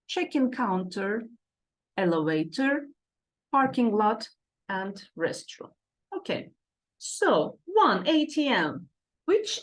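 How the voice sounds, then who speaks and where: A woman teaching English vocabulary, repeating each word pair slowly and checking in with "okay" and "right". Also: a little high. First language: Turkish. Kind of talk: slow classroom lesson explanation.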